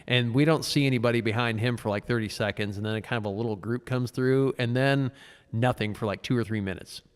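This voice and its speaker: A man co-hosting a podcast, telling a race story in casual chat and acting out quotes in a high voice. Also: a little fast, clear, resonant tone, long reverb tail. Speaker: podcast co-host.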